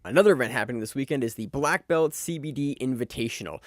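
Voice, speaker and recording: A man co-hosting a podcast, chatting casually and excitably about grappling events, swearing now and then. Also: medium pitch, quick pace, dry recording, studio quality. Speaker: podcast co-host. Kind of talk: casual sports chat.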